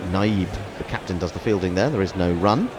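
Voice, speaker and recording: A man's voice: sits low, a little fast, noisy background. A man commenting ball by ball on a cricket match, with wry, chatty banter between deliveries.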